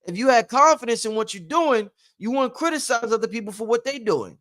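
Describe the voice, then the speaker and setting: A man's voice: extremely high pitch, lively intonation, fairly quick, fairly bright tone. A man hosting a casual livestream who gives rambling, preachy motivational talk and repeats his points for emphasis. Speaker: livestream host.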